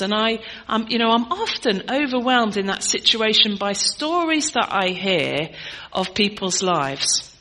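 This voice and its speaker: A middle-aged woman preaches to her congregation. Her voice is bright and sharp. She talks in a chatty, teaching way and keeps putting questions to her listeners. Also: mid-range voice, rough recording. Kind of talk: sermon.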